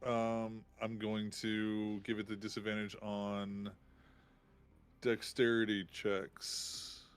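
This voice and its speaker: A man playing in a tabletop game, relaxed and counting out his rolls aloud. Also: fairly low pitch, slow pace, clear, resonant tone. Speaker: player. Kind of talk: casual game talk.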